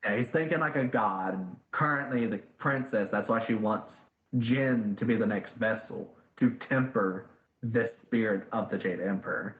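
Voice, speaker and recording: A man's voice: fairly low pitch, moderate pace. A man narrating as game master in a tabletop game, in a loose, casual way. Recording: echoey tinny voice-chat line.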